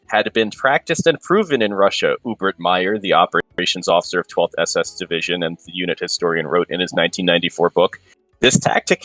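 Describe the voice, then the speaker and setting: A man's voice: fairly low pitch, fairly bright tone, no room sound, poor audio. A man co-hosting a casual podcast, reading passages from a history book aloud with hesitant fillers between them. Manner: hesitant, many ums and restarts. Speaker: podcast co-host.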